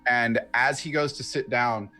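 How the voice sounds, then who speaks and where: A player in a tabletop role-playing game casually describes what his character does, thinking aloud deliberately and using fillers. His mid-range voice is steady, pushed and bright, with soft music in the background.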